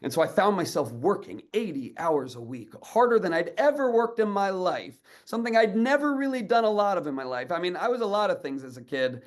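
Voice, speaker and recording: Man, thirties, educator, storytelling talk, slightly high voice, animated. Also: a little fast, few pauses. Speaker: educator and speaker.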